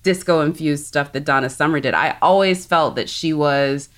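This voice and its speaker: A chatty woman from South Texas with a notably low voice talks casually on a podcast. She laughs easily and tosses in quick asides. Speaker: podcast co-host. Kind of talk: casual chat.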